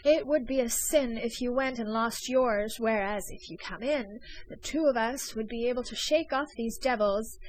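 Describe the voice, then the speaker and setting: A woman reading an audiobook voices an excitable young male gentleman smuggler, talking urgently. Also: fairly high pitch, moderate pace, lightly acted, low-quality recording. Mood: excited. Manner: urgent, pleading.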